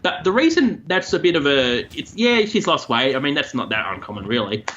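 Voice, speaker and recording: A man's voice: on the high side, sing-song, a little fast, bright, forceful tone, dull audio. Man, casual podcast co-host, chatty storytelling, faint hiss.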